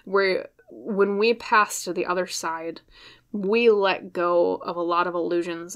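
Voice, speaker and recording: Soft-spoken woman reading tarot, low and flat. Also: vocal fry. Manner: soft, hesitant, many fillers and restarts. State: choked up, emotional. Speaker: tarot reader. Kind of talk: pick-a-card tarot reading to camera.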